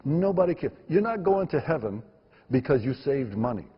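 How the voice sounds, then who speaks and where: Husky man giving emphatic interview answers. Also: medium pitch, sing-song, moderate pace, in a large hall, highs cut off. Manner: emphatic, repeats words for stress. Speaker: filmmaker guest.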